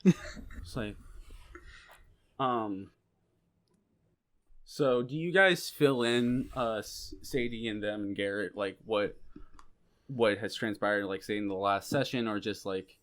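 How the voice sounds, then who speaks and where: Slow-talking male game master. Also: fairly low pitch. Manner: relaxed, rambling with fillers. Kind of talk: narrating a tabletop game.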